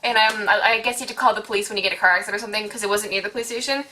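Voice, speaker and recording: A woman in her late teens telling a casual storytime on her vlog, chatty and animated, full of "like". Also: medium pitch, racing, a little hiss or hum. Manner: chatty, heavy use of "like", animated retelling. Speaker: vlogger.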